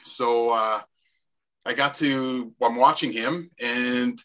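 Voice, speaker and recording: A man's voice: medium pitch, slow, fairly bright tone. A man in his fifties, a podcast guest telling a rambling story full of restarts and fillers. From Canada. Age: 50s. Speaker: podcast guest, former player. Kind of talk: casual storytelling.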